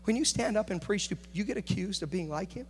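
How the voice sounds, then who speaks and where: A man preaching a sermon, moving between quiet, confiding talk and loud, rising passion. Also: high voice, lively intonation, fast talker. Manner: builds from hushed to shouting intensity. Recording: echoey hall with faint hum.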